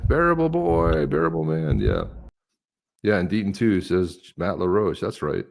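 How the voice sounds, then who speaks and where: A middle-aged man co-hosting a casual livestream chat, telling stories with lively impressions of other people. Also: low voice, unhurried, vocal fry, a little hiss or hum. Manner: animated storyteller, mimics others with a raised voice. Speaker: co-host of a crypto livestream.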